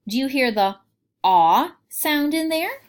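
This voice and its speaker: A woman teaching young children a phonics lesson, reading aloud and sounding out words clearly. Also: high voice, big pitch swings, slow.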